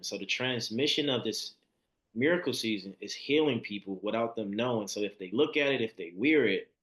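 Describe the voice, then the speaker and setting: Male podcast guest, lowish voice, animated storyteller who acts out the quoted lines. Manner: animated storyteller who acts out quotes, swinging between hushed and high excited tones. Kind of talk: storytelling in a conversational interview.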